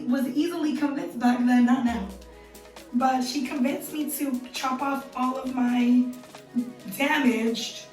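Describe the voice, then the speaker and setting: A young woman telling personal stories to camera in a chatty, animated way, acting out quoted voices as she goes. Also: high voice, distant mic. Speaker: beauty vlogger. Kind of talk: casual storytelling to camera. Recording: roomy, mic set back, soft music.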